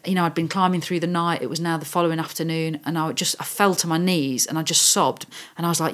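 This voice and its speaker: Low-voiced woman telling her story. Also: fast talker. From United Kingdom. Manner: earnest, animated storytelling with quoted inner thoughts. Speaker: guest adventurer. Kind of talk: casual interview chat.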